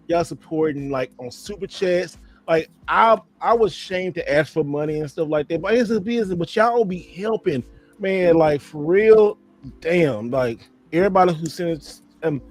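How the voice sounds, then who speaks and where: A man's voice: a little high, darkish tone. A man in casual live-stream chat, talking loosely to viewers as y'all and cussing freely. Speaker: podcast host.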